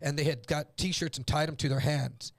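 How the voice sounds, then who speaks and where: Guy from el paso spinning a story, gravelly kinda high voice, dry close sound. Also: normal speed, no echo. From El Paso, Texas. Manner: animated telling, acts out quoted voices, swears freely. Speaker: guest storyteller. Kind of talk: casual storytelling on a livestream.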